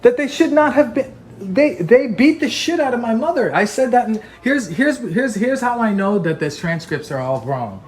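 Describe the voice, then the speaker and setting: Agitated ranting man, lively pitch. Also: normal speed. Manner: agitated, ranting, mocking impressions. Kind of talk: heated phone argument.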